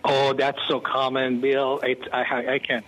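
Husky, animated male pastor. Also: medium pitch, moderate pace. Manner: animated, bursts into excited exclamations. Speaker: pastor, interview guest. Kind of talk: storytelling interview talk. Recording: muffled lo-fi.

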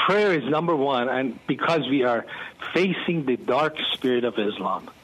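A man, a pastor being interviewed, telling stories animatedly and given to excited outbursts. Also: medium pitch, normal speed, slight background noise. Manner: animated, bursts into excited exclamations. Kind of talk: storytelling interview talk. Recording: muffled lo-fi.

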